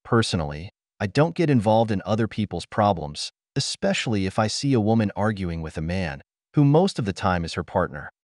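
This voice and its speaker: A man with a lowish voice narrates scripted commentary as the channel host. His delivery is blunt and opinionated, with lively swings in pitch. The sound is very dry and close. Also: no echo.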